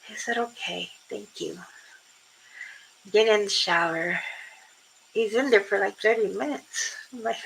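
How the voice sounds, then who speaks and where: Slow, gravelly older woman chatting. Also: mid-range voice, fairly bright tone, slight background noise, rough recording. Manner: rambling storyteller, laughs often. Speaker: livestream host. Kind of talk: casual chat with viewers.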